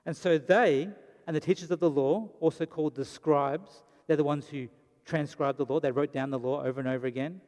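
A man preaches a sermon with a dramatic storyteller's delivery and briefly acts out the voices of the people in the story. His voice sits a little high for a man. The sound carries the long reverb of a large hall. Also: steady tone, a little fast, few pauses, a little mellow. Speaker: pastor.

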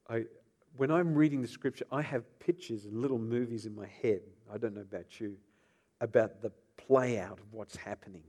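A man preaching a sermon, retelling scripture dramatically and swinging between soft, low passages and loud outbursts. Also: normal speed.

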